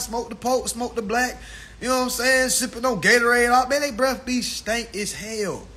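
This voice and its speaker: A man ranting casually to viewers on a phone livestream, animated, profane and preachy. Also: sits high, moderate pace. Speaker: livestream host.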